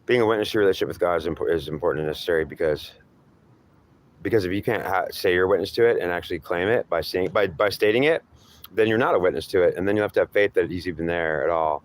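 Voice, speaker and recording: A man's voice: low-pitched, fast talker. A man delivering an improvised spoken monologue, rambling and philosophizing, often repeating himself as he goes. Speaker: storyteller.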